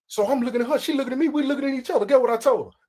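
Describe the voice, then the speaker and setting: Husky woman telling a comic story. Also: sits high, very fast. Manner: animated, slangy, acts out voices and sound effects. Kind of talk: comedic storytelling.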